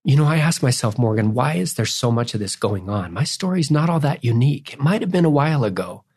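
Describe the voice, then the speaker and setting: A middle-aged man talks with earnest feeling and tears close to the surface, a cellist sharing family stories on a faith podcast. His voice sits at an ordinary pitch. He drifts into tangents and apologizes for getting weepy. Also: expressive, fast, a little mellow, breathy edge. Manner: tearful, tangent-prone, earnest. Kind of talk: emotional interview storytelling.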